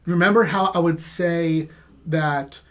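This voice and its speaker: A man hosting a podcast, telling a story from his teaching days in a halting way, with many restarts and laughs. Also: on the high side, fairly even intonation. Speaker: podcast host and former teacher. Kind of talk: casual podcast chat.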